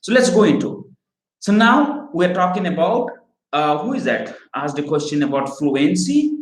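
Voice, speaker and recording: A man's voice: a little high, very animated, moderate pace, echoey room, poor audio. A middle-aged man from Odisha, India, with an Indian English accent shaped by American speech, whose first language is Odia. He runs a live recruiting training stream, talking energetically and asking the viewers rhetorical questions. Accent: Indian English with American influence.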